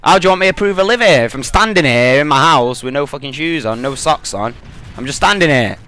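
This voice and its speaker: A man's voice: on the high side, lively intonation, fairly quick, sharp tone. A young British man in a gaming commentary rant, telling an angry, profane story.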